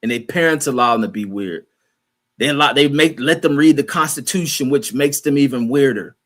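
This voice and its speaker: Guy hosting a livestream, heated rant, swearing a lot, mocking folks in the chat, mid pitch. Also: a little fast, a bit bright. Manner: profane, combative, mocking. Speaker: livestream host reading chat.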